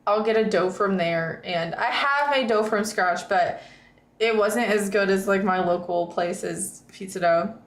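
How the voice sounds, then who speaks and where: A woman's voice: medium pitch, a little slow, reverberant. A woman streamer in casual chat with viewers, rambling and reading chat aloud.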